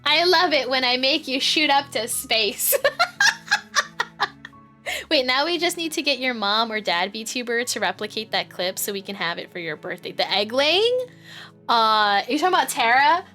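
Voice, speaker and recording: A woman streamer with a bright, slightly high voice chats casually as she plays. She rambles, giggles often and swears freely. Faint game music sits underneath. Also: lively intonation, moderate pace. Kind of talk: casual live-stream chat.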